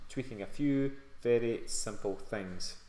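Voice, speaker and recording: A man's voice: lowish voice, measured pace, warm tone. A Scottish man co-hosting a live fitness Q&A, reading out viewer comments in an easygoing way. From Scotland. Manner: reads out viewer comments, easygoing, laughs often. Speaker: fitness coach co-host. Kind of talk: live-stream Q&A chat. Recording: echoey room.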